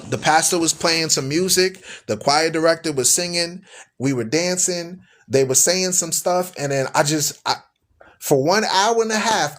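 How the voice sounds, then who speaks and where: A man hosting a live-streamed show, preaching emphatically with rhetorical questions, mockery and scripture read aloud. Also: fairly high pitch. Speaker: host.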